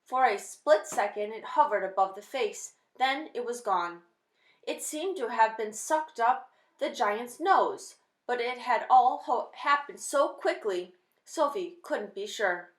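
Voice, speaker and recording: A woman reading a children's novel aloud with steady, expressive storytelling. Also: a little high, a little slow. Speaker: reader. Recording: roomy echo.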